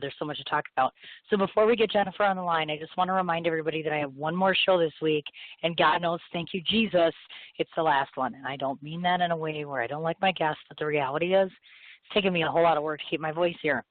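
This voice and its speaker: A woman in her thirties hosting a radio talk show, her voice hoarse from illness, chatty, gushing and self-mocking. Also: low voice, no room sound. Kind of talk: casual chat. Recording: thin phone-line sound.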